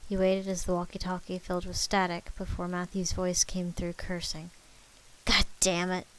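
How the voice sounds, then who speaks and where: Woman, spooky story reading, low-pitched voice, live stream, chatty asides. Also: completely flat delivery, moderate pace, rough recording. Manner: breaks off to joke about her own accents.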